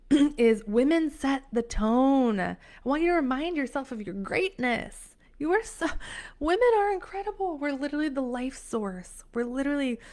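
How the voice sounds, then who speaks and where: A woman's voice: on the high side, darkish tone. A young woman hosting a casual motivational live stream, talking in a gushing, emphatic way with many restarts. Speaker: empowerment coach hosting a live session.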